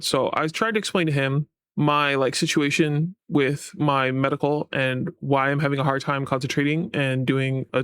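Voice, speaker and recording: Man, slightly high voice, dry close sound, rambling casual vlog, frustrated, swearing. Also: a bit bright, no room sound. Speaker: VTuber and YouTube creator. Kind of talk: casual personal update vlog.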